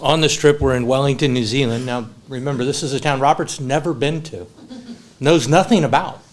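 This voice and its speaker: At a funeral home service, a man eulogizes his friend, sharing funny anecdotes before turning to sincere tribute. His voice is medium-pitched and a little fast.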